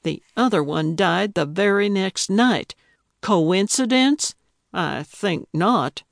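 A woman's voice: medium pitch, animated, slow, creaky, no room sound, studio quality. A woman reading an audiobook, voicing a feisty, indignant elderly woman who fancies herself a detective. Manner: indignant, emphatic.

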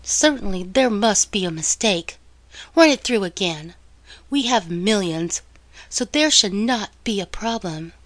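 A woman's voice: medium pitch, unhurried, no echo, natural voice. A woman playing a coy Southern gold digger. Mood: haughty. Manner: coy, sweetly flattering.

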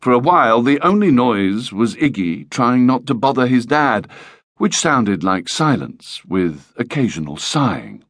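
A man's voice: medium pitch, very animated, measured pace, fairly bright tone, no room sound, clean studio sound. A man narrating a children's audiobook in a playful, lightly comic storytelling manner.

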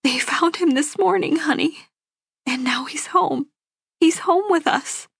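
A woman voicing a middle-aged mother who is crying, her words shaky and halting. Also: high-pitched, no room sound, clean studio sound, voice pushed up. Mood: tearful relief. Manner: shaky, breathy through tears.

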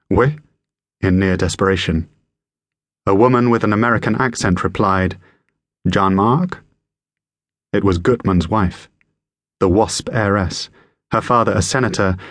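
A man reading a thriller audiobook aloud in a measured, even storytelling manner. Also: on the low side, no echo, studio quality. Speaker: audiobook narrator. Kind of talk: scripted narration.

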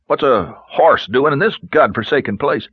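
A man's voice: mid-range voice, normal speed, husky, no echo, narrow, tinny audio, pitched above the performer's own voice, lightly acted. A man voicing a tense, irritable young city preacher who is out of his depth. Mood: tense, sharp. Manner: sharp, strained and irritable.

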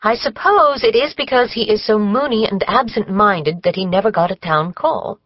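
A woman's voice: mid-range voice, normal speed, no echo, muffled recording, pitched above the performer's own voice, close to an everyday voice. A woman doing an opinionated village gossip. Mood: emphatic.

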